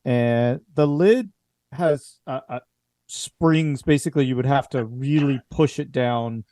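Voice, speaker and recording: A man's voice: mid-range voice, takes it slowly, mellow, no room sound. A man runs a horror tabletop game as game master. His narration is loose and full of fillers. The sound is dry and close.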